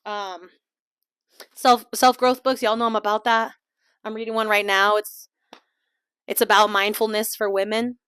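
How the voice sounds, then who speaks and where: A woman hosting a casual podcast, chatty and laughing often, slipping into quiet asides. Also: mid-range voice, level tone, moderate pace, clear, resonant tone, no room sound, clean studio sound. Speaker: podcast host. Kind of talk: casual chat. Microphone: small desk mic.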